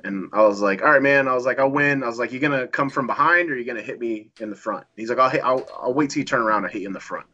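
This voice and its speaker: A man's voice: mid-range voice, very fast, few pauses, bright, forceful tone, dull audio. A man telling a story in casual chat as a guest, acting out quoted lines and swearing freely. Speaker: guest wrestler.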